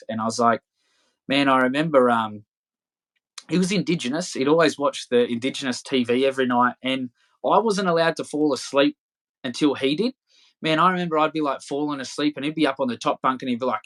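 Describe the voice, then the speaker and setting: A man's voice: mid-range voice, brisk, fairly bright tone. A young adult man with an Australian accent, telling his story as a podcast guest in a blunt, profane way, full of fillers. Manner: blunt, heavy swearing, filler-laden. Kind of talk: casual storytelling.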